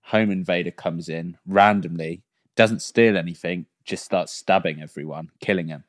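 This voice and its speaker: A young man chats casually as a podcast co-host. His voice sits very low and the sound is dry and close. He tells stories in a rambling, halting way. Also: no room sound. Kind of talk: casual chat.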